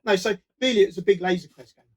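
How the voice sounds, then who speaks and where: A man telling casual, animated stories as a podcast guest. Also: high voice, racing, low-quality recording. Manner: lively, animated anecdote-telling. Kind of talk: casual storytelling.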